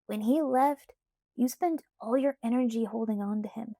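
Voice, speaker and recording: A woman's voice: on the high side, moderate pace, mellow, dry recording, studio quality. A woman reading the part of a cheerful, persistent teenage boy in an easygoing, coaxing way.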